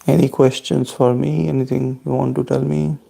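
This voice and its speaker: Gravelly-voiced man, thoughtful and polite. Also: medium pitch, level tone, normal speed, warm tone. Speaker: vlogger on a video call with family. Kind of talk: casual chat answering family questions.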